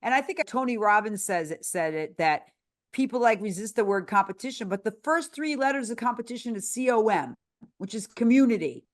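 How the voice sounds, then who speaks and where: A woman's voice: fairly high pitch, expressive, a little fast. Affirming podcast host woman. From Chicago, USA. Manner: affirming, eager agreement and short encouraging interjections. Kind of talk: casual podcast conversation.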